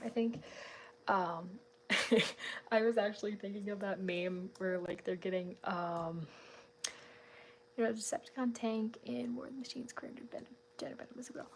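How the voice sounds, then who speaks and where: A woman's voice: medium pitch, a little hiss or hum. A woman chatting casually on a live art stream at home at night. She laughs often and keeps her voice down so her family is not disturbed. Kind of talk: casual live-stream chat while drawing.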